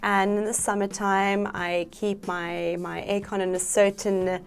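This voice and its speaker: A woman's voice: medium pitch, little pitch movement, a little slow, creaky, clear, resonant tone. A woman co-teaching an English lesson, chatting frankly about her own habits. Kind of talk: casual teaching chat.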